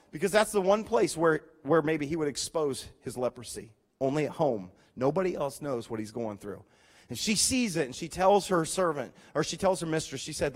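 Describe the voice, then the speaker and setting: Lively high-voiced male preacher. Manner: animated storytelling, voicing characters, rising to loud emphasis. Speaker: pastor. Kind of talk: sermon.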